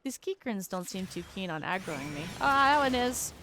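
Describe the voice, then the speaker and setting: A woman streamer giving chatty, casual commentary while playing a game and reacting out loud. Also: mid-range voice, sing-song, moderate pace, faint music behind.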